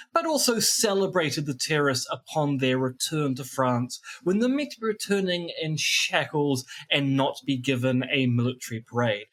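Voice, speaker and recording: A man's voice: on the high side, fairly bright tone. A man in his thirties with a New Zealand accent, co-hosting a casual podcast chat with playful, goofy asides. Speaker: podcast co-host.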